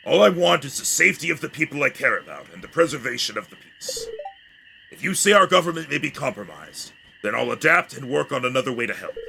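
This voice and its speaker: A man's voice: medium pitch, vocal fry, voice pushed down, full character voice. A man voicing an earnest male detective in a video game, talking in a determined, pleading way. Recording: steady background noise.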